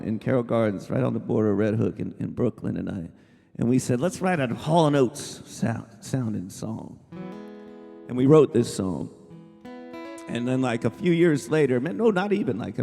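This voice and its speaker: A man's voice: mid-range voice, creaky, a little mellow. A singer-songwriter man telling a rambling story between songs on a small coffeehouse stage, talking into a stage mic with many restarts. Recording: live room with long reverb and guitar.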